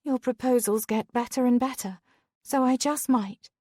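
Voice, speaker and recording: A woman reading a romance audiobook, voicing a strong-willed young lady with a wry, warm, gently playful manner. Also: on the high side, normal speed, no echo, studio quality, close to an everyday voice.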